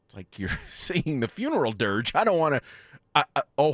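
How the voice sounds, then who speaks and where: A man hosting a sports radio show in a studio, chatting excitedly and reading out listener texts. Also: on the high side, a little fast, dry recording. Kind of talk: casual sports radio chat. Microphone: studio microphone.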